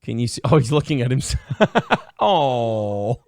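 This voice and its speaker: Lively profane male stream host. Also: medium pitch, takes it slowly, no echo, studio quality. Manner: profane, sarcastic, loud outbursts. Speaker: show host. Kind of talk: live-stream talk show chat.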